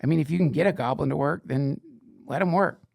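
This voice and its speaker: Male podcast host, gravelly, dry studio sound, swearing, sarcastic news-reading riffs. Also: fairly high pitch, fast, a little mellow, no echo. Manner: profane, sarcastic asides, rambling. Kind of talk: comedic reading of fake fantasy news.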